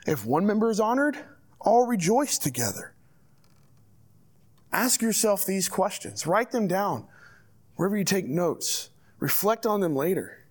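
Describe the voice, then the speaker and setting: Man, pastor, sermon, high-pitched, earnest, direct exhortation. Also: big pitch swings, unhurried, long pauses.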